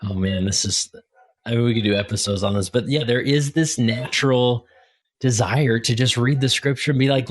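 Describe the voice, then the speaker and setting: A man's voice: medium pitch, moderate pace, breathy edge. A man hosting a podcast interview, chatting casually and animatedly, acting out quoted voices as he talks. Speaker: podcast host.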